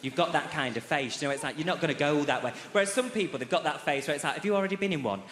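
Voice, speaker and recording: A man's voice: fairly high pitch, racing, background noise. A man from England doing a chatty, camp stand-up routine that teases the audience on a large theatre stage. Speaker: stand-up comedian. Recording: echoey theatre.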